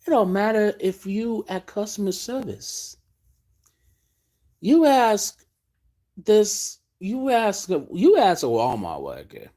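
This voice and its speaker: A man's voice: high voice, huge pitch swings, takes it slowly, long pauses, mellow. A man hosting a late-night live stream, ranting in a profane, exasperated way.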